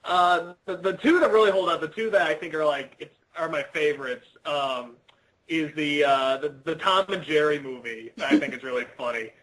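A man's voice: fairly high pitch, normal speed, fairly bright tone, poor audio. A young man answering interview questions over a video call, rambling and self-deprecating with lots of fillers and restarts. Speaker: interview guest. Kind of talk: casual interview chat.

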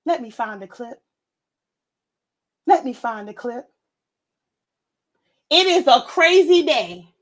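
High-pitched, fired-up woman ranting. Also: fairly bright tone. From United States. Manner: heated, profane, confrontational. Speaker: vlog host. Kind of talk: ranting commentary monologue.

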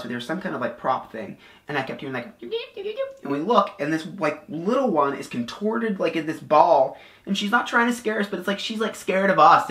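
A man casually reviewing a haunted attraction, excited and rambling with lots of "like". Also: on the high side, echoey room.

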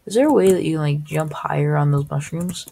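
Brief: woman streamer commentary, low husky voice, unhurried, excitable outbursts. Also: poor audio. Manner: excitable, gasping and exclaiming. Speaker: gaming video host. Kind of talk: casual let's-play commentary.

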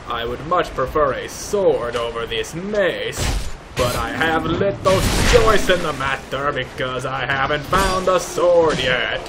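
A young man giving let's play commentary, mock-pompous and swearing, shouting insults at enemies. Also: mid-range voice, lively intonation, slow, noisy background. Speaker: gaming YouTuber.

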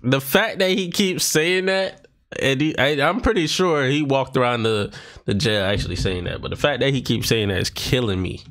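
A man's voice: mid-range voice, normal speed, a bit bright. A man hosting a reaction video, casually commenting on a stand-up clip and repeating the lines he liked. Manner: chatty, repeats punchlines he likes.

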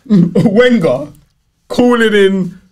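A man's voice: high voice, measured pace. A man hosting a casual football podcast chat, telling stories and quoting others. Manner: animated, storytelling with laughs and quoted voices. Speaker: podcast host.

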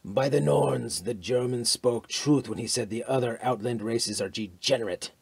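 A man's voice: medium pitch, normal speed, vocal fry, husky, dry recording. A man reading the part of a sullen, savage chieftain in an audiobook, in a scornful manner.

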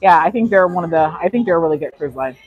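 A woman with a lowish, husky voice talks quickly and expressively over narrow, tinny audio with no echo. She's vlogging a chatty live walking tour aboard a cruise ship's indoor decks, answering questions from chat and sounding a little out of breath.

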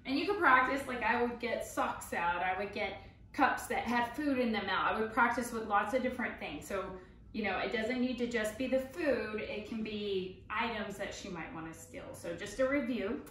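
A woman dog trainer explaining a training session step by step in a chatty way, breaking into excited baby talk with the dog. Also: a little high, moderate pace, slight background noise. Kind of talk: instructional demonstration. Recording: very echoey room, voice from a distance.

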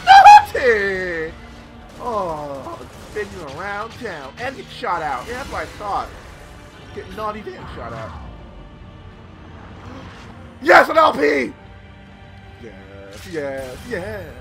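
Young male let's-player: very high, animated voice, yelps and swears, game music under him. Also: slow, low-quality recording. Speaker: let's play gamer. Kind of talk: live gameplay commentary. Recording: loud game music behind voice.

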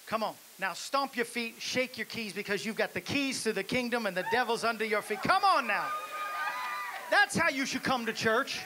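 A man preaching a lively sermon in a church, exhorting the congregation and building to shouts. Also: very high-pitched, normal speed. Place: church sanctuary. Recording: hissy live church recording.

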